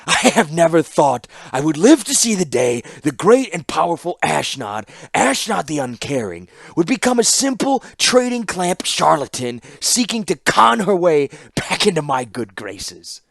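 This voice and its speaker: A man voicing a stern, commanding older warlord who speaks grimly and forcefully. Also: fairly high pitch, sing-song, vocal fry, dry recording, pitched above the performer's own voice, heavily acted. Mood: scornful. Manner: grim, slow and forceful.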